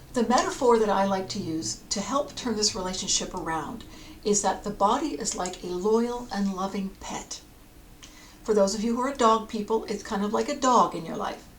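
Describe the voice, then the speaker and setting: A woman counsellor giving a calm, explanatory podcast talk, sometimes dropping to a near whisper. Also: mid-range voice, a little hiss or hum.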